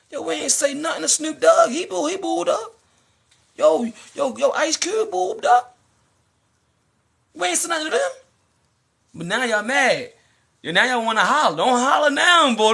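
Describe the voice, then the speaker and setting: A young American man in a casual live-stream monologue, animated and slangy, preaching to his viewers. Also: very high-pitched, breathy edge. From United States. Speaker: livestreamer.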